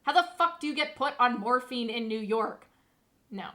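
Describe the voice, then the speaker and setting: A young woman streamer chatting casually, telling stories in an animated, sarcastic way full of swearing. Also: a little high, normal speed. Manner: profane, animated storytelling. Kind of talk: casual livestream chat.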